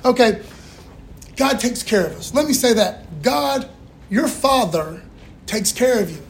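A man's voice: very high-pitched, expressive, unhurried, creaky. A male pastor preaching a sermon in a folksy call-and-response style, with casual asides to the congregation. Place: church. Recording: echoey room, faint room noise.

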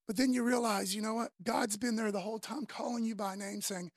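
A man, preaching a sermon in a loose, conversational way, often tagging lines with "man" and dropping from loud to soft. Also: high voice, fairly even intonation, brisk, few pauses, no echo, studio quality. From Florida, US. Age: 50s. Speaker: pastor.

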